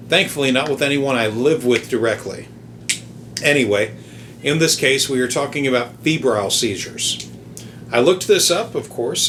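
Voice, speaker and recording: A man hosting a podcast, calmly and methodically explaining study findings. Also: mid-range voice, slight background noise. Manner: measured, methodical fact-checking. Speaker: podcast host. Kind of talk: explanatory commentary.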